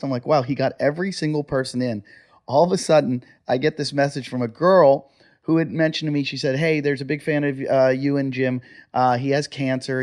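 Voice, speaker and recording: A man co-hosting a comedy podcast, telling stories and cutting in with blunt, deadpan quips. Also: medium pitch. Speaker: podcast co-host.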